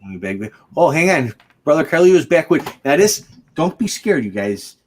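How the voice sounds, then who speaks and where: A man's voice: a little high, big pitch swings, moderate pace, slight background noise. A man hosting a casual livestream chat, joking and chatty and laughing often. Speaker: host.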